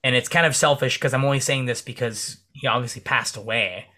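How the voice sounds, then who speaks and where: A man speaking as a police officer and podcast guest. He tells energetic stories in casual interview chat and swears freely. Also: fairly quick. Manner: acts out dialogue in comic high voices.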